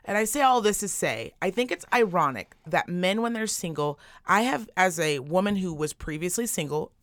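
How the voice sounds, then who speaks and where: A woman's voice: fairly low pitch, moderate pace, no echo. A young woman co-hosting a casual podcast chat, blunt and profane, telling stories with lots of energy. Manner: blunt, profane, animated storytelling. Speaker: podcast co-host.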